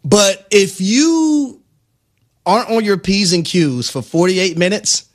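A man's voice: sits high, expressive, slow pace. A man co-hosting a sports radio show, arguing his points in a conversational way.

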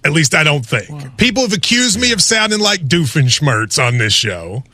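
Animated, bright-voiced man co-hosting. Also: on the high side, normal speed. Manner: animated, self-deprecating, breaks into laughs. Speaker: sports talk show co-host. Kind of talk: casual banter.

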